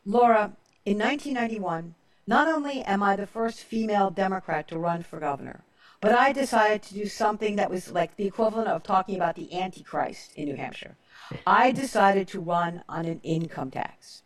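A woman's voice: mid-range voice, expressive, fairly quick, recorded from a distance. An older woman hosting a political talk show, telling stories emphatically and often checking in with "okay?". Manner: emphatic storyteller, keeps adding "okay?". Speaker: radio talk show host.

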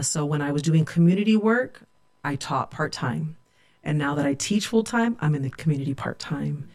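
A woman's voice: deep voice, a little mellow. A middle-aged woman from California, a sociology professor, telling her own story in a reflective, candid way. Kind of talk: personal storytelling.

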